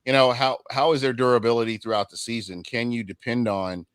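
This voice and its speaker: A man hosting a sports podcast, speaking in a measured, casual way with frequent fillers. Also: mid-range voice, fairly even intonation, clear, resonant tone, no room sound. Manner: measured, many "you know" fillers.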